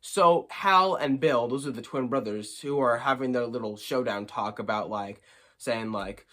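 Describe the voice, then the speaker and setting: A young man giving a casual movie review, animated and quick to get worked up. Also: mid-range voice.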